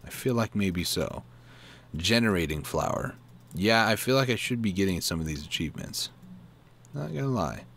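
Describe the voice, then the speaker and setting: A man's voice: low-pitched, expressive, fairly bright tone, slight background noise. A man hosting a gaming video, reading an in-game guide aloud, stumbling over words and correcting himself, with asides and questions to himself. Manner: reads aloud haltingly, stumbling and self-correcting. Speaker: gaming channel host.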